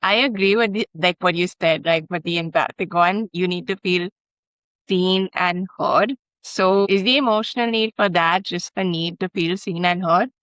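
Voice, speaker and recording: A woman with a fairly low voice talks thoughtfully and searchingly, as if in a casual conversation. She peppers her speech with "like" as she gathers her thoughts. The recording is dry and close, with no echo of a room. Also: moderate pace. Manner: thoughtful and searching, lots of "like" fillers, soft laughs.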